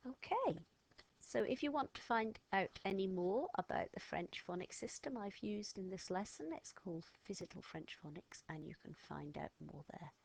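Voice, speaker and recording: A woman's voice: medium pitch, normal speed, creaky, slightly rough, dry recording. A woman teaching a step-by-step lesson to children, patient and encouraging as she gives instructions. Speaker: French teacher.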